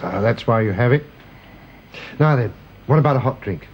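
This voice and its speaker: An actor playing a gentle, jovial middle-aged father in a radio drama. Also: mid-range voice, animated, moderate pace, lo-fi sound, slight background noise, lightly acted. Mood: reassuring. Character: kindly upper-class father, calm and reassuring. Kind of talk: 1930s-set radio drama.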